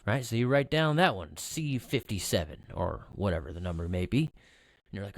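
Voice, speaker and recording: A man's voice: lowish voice, big pitch swings, brisk, no echo. Dry-sounding rambling podcast guy. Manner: rambling, self-mocking filler talk. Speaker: podcast co-host. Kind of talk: casual podcast chat.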